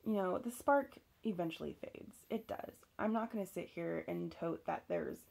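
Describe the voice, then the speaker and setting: A woman's voice: lowish voice, moderate pace, creaky, darkish tone. A young woman candidly telling a personal story, swearing freely and using lots of fillers. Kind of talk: casual storytelling.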